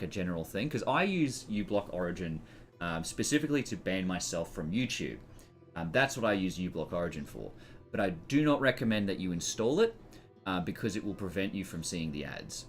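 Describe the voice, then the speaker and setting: A male streamer with a low, deep voice that swings widely in pitch as he chats casually. He rambles, trails off and restarts, reading on-screen text aloud. Quiet music runs faintly behind him. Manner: rambling, hesitant, reads settings aloud. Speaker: live streamer. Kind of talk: casual live-stream chat.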